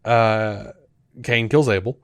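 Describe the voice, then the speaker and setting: A man co-hosting a podcast in casual chat. He rambles with many fillers and restarts, and retells scenes with animated quoted lines. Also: fairly low pitch, slow, smooth, no echo, studio quality. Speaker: podcast co-host.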